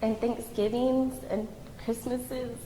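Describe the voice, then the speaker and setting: A woman giving a heartfelt speech about a family who took her in, slow and pausing between phrases. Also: a little high, little pitch movement, dark tone. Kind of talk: emotional speech at a gathering. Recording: echoey hall with faint crowd noise.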